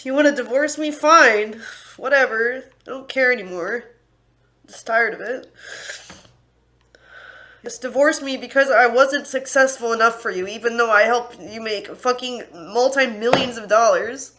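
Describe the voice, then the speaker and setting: Young woman streamer, angry and profane, high bright voice, raw live rant. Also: normal speed. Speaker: livestreamer. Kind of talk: unscripted livestream rant.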